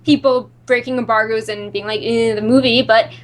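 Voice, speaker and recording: A woman's voice: on the high side, steady tone, moderate pace. A woman co-hosting a casual livestream chat, giving short agreeing replies and reading news from her notes with many ums. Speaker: co-host.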